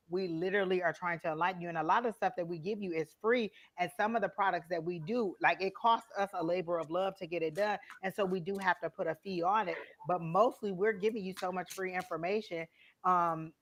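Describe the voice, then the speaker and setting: A woman's voice: on the low side, fairly even intonation, brisk. A woman tarot reader on a live stream, speaking straight to a viewer and asking many questions as she gives a reading.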